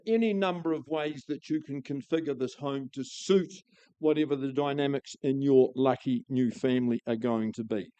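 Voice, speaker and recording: A man's voice: a little high, warm tone, clear, resonant tone, no echo, highs cut off. A man with a New Zealand accent calling a live property auction, with a florid, enthusiastic sales patter.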